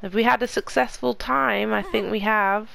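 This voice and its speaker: A woman's voice: medium pitch, fairly even intonation, normal speed, vocal fry, fairly bright tone. A woman hosting a let's play, chatting casually to the characters in her game as she plays. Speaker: gaming channel host.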